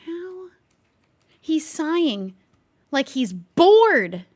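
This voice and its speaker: A woman with a high, light voice streams a game in a loose, chatty way. She is jumpy and easily startled, and she keeps talking to a hidden player she can't spot. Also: big pitch swings, extremely slow, a little mellow. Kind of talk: casual gameplay commentary with light role-play.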